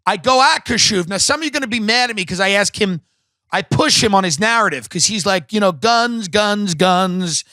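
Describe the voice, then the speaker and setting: A man's voice: high-pitched, lively intonation, quick pace, bright, forceful tone, no echo. A man hosting a podcast, delivering a comedic, profane and emphatic rant. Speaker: podcast host.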